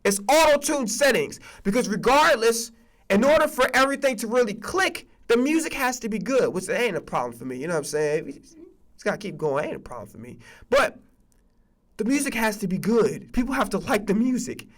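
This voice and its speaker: A man hosting a sports streaming podcast, ranting in a casual, profane, animated way and repeating himself as he vents. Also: high-pitched, fairly quick.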